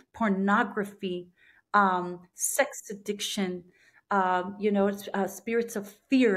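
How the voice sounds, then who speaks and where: Woman, podcast guest, earnest emotional testimony, mid-range pitch, halting restarts. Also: a bit bright. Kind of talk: personal faith testimony.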